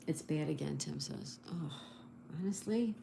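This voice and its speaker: A woman's voice: low-pitched, unhurried, vocal fry, background noise. A woman hosting a casual livestream, chatting with viewers and spelling answers letter by letter, recorded on a phone at home. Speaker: livestream host.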